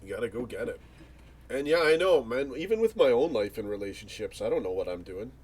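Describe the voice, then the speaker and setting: A man's voice: medium pitch, sing-song, fairly quick, a little mellow, breathy edge. A man hosting a casual livestream, reading viewer comments and chatting in rambling, joking banter with frequent restarts. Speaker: livestream host.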